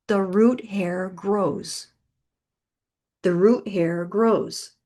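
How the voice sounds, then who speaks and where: A middle-aged woman teaching an online gardening class, explaining in a chatty, folksy way with homely comparisons. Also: on the high side.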